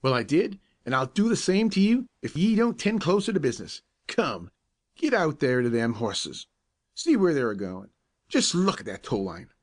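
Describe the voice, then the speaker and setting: A man voicing a bony, fierce canal-boat captain who barks and shouts his orders. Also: on the high side, very animated, normal speed. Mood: threatening.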